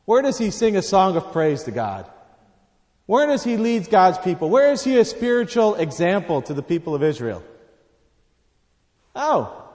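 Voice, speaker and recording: A man delivers a sermon with a slightly raised pitch, moving from hushed, low stretches to loud, pressing emphasis as he reads scripture aloud. His voice rings out with the long reverb of a large hall. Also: very animated, normal speed, long pauses. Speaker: preacher.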